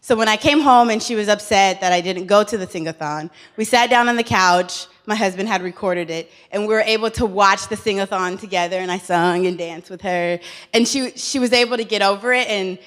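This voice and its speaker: A woman's voice: mid-range voice, a little fast. A woman in her thirties gives a personal speech at a summit. Her delivery is earnest and candid, with light humor and the occasional restart, as she talks through lessons from her own life. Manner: earnest, warm storytelling with humor and repeated words. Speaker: conference speaker.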